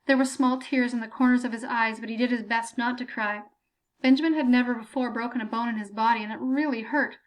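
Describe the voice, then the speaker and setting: A woman narrates a story as an audiobook. Her voice sits high, and her telling is steady and even-toned. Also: fast talker. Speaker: audiobook reader.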